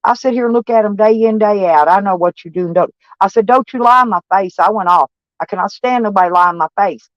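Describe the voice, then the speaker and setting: A woman's voice: medium pitch, quick pace, no room sound. An older woman vlogging about her day to camera, blunt, profane and rambling. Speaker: van-life vlogger. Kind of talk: casual rambling talk to camera. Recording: dull, dry recording.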